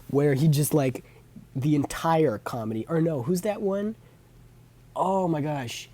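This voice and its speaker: A man's voice: fairly high pitch, slow pace, a little mellow. A young man talking casually about movies he has watched, rambling with lots of fillers and self-corrections. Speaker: vlogger. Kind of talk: casual movie review monologue.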